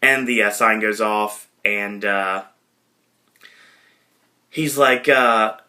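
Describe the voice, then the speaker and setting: A man's voice: fairly low pitch, steady tone, extremely slow, sharp tone. A man hosting a podcast, casually retelling a film scene by scene, rambling with many fillers and correcting himself as he goes. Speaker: podcast host.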